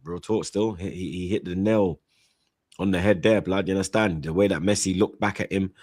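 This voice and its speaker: A man with a fairly low voice talks football in a slangy, rambling way, peppering every line with shout-outs and "you get me". The sound is close and dry. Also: fairly even intonation, a little fast, dry recording. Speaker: football stream co-host. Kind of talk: casual chat, reading out super chats.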